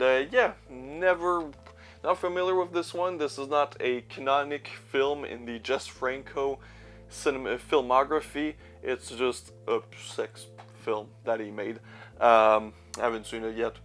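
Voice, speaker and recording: A man's voice: mid-range voice, a little slow, fairly bright tone, faint music behind. A young man chatting casually about his collection, rambling and sarcastic, swearing now and then. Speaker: YouTuber reviewing his movie collection. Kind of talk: casual chat.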